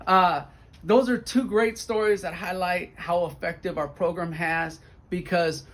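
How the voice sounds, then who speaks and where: A man, a school principal, telling stories in an animated update video for donors and acting out the quotes. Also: high voice. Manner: warm, animated storyteller who acts out quotes.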